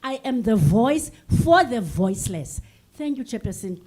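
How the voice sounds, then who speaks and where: Her voice fairly high and swinging widely in pitch, an older South African woman addresses a forum from the floor of a large conference hall. Speaking a little slowly in a slightly mellow tone, she is impassioned and emotional and keeps repeating her points.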